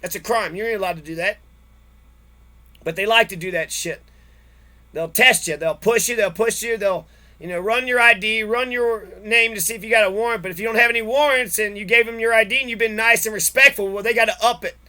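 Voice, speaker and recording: Bright, forceful and a little fast, this high-pitched man's voice carries an angry personal monologue. He tells his own story at length, full of profanity and repetitive ranting.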